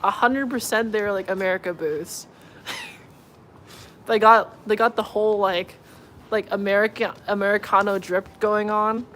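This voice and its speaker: A woman's voice: mid-range voice, fairly even intonation, moderate pace, fairly bright tone, slight background noise. A woman vlogger telling a story in casual chat, laughing often and filling her speech with "like". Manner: laughs often, lots of filler "like".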